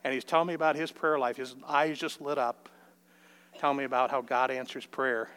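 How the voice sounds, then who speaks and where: A man's voice: steady tone, fairly quick, a bit bright, clear, resonant tone. An older man telling a folksy personal story in a sermon, acting out the dialogue in a raised voice. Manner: folksy, acts out the dialogue with rising pitch.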